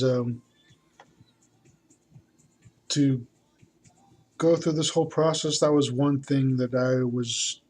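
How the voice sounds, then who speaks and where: Slow, rambling male artist. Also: medium pitch, a little mellow, a little hiss or hum. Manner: rambling, hesitant, many fillers. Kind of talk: casual talk while drawing.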